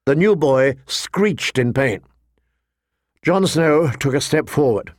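A man narrating a fantasy novel in a measured, steady storytelling voice. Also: fairly high pitch, no room sound, studio quality. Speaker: audiobook narrator.

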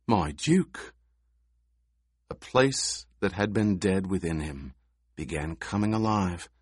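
A man narrating an audiobook with steady, even storytelling. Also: low voice, no room sound, clean studio sound. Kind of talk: scripted narration.

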